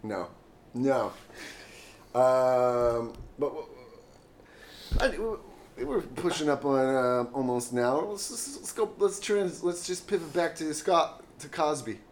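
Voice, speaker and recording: A man's voice: mid-range voice, lively intonation, slow, slight background noise. A man co-hosting a podcast, trading crude jokes and laughing often. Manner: joking, laughing often, mocking voices. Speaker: podcast co-host. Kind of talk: crude casual banter.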